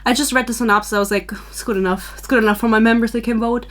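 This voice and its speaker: A young podcast host from Germany talks in a loose, chatty stream, laughing at herself as she goes. Her voice sits a little on the high side for a woman. She is recorded on a small microphone mounted on her camera. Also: steady tone, very fast. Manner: chatty, rambling, self-deprecating with frequent laughs. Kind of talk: casual chat.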